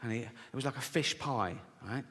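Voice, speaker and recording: A man's voice: mid-range voice, moderate pace, fairly bright tone. A man doing a stand-up comedy routine, brash and profane, ranting with mock outrage. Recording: live venue reverb with audience noise.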